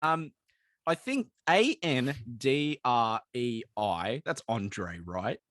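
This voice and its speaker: Podcast co-host, male, lively pitch, dry close sound, joking banter. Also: slow, no echo. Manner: animated, laughing, swearing banter. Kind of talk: casual chat.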